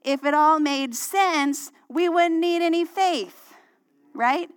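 A middle-aged woman pastor, preaching a sermon and telling a personal story in a conversational way that turns animated when she acts out dialogue. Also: high voice, slow.

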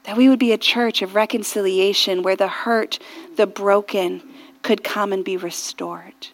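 A woman pastor preaching a sermon earnestly and reflectively, often dropping to a hushed near-whisper and rising to fervent prayer. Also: mid-range voice, steady tone, measured pace. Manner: rises to fervent intensity in prayer.

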